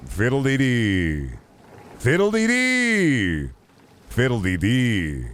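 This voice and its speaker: A man doing a goofy sing-song impression of a male streamer, drawn out and high. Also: huge pitch swings, takes it slowly, fairly bright tone, clean tone, full character voice.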